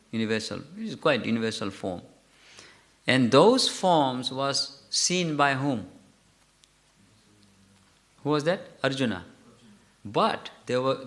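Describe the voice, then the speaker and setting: A man teaching a scripture class, telling a story in a halting way, correcting himself and putting questions to his listeners. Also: mid-range voice, a bit bright. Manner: halting, self-correcting, asks the audience questions. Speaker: lecturer.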